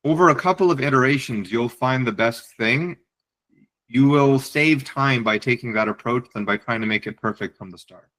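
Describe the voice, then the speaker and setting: A man's voice: mid-range voice, normal speed, a bit bright, low-quality recording. Man giving direct advice in a webinar. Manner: direct, encouraging, repeats words. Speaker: webinar presenter, psychiatry fellow. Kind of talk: advice lecture on writing.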